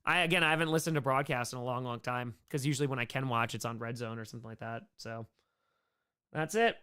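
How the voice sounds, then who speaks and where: A young man with a New York accent chatting casually and quickly while answering viewer questions on a live stream, playful and animated. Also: medium pitch, clear, resonant tone. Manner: fast, animated, playful, reads chat aloud.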